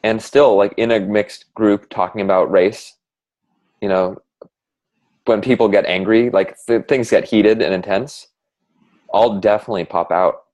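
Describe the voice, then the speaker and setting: A man in a casual heartfelt conversation, speaking reflectively and haltingly with many fillers. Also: on the low side, fairly even intonation, a little mellow. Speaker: conversation partner sharing reflections.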